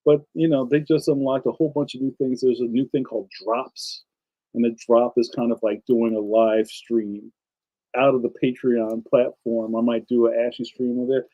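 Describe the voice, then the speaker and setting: Man, livestream host, enthusiastic, chatty, talks to viewers, mellow tone. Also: mid-range voice, flat delivery, normal speed, lo-fi sound. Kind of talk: casual livestream chat.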